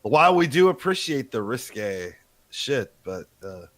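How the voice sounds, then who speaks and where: A man's voice: mid-range voice, big pitch swings, unhurried, fairly bright tone, no room sound. A man co-hosting a livestream, rambling casually with many hesitations. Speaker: livestream co-host.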